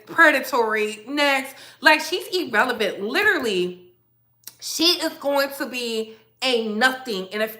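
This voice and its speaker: A woman's voice: high-pitched, pushed and bright. A woman hosting a gossip commentary vlog, blunt, emphatic and sassy in her opinions.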